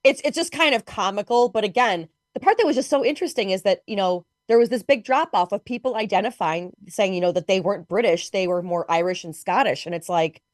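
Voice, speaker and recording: A woman from Chicago talks politics in a loose, chatty way, with plenty of fillers. Her voice sits at an ordinary middle pitch. The sound is dry and close. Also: a little fast, hardly any pauses, dry recording. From Chicago, USA. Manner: chatty, animated, many fillers. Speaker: guest commentator. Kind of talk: casual political chat.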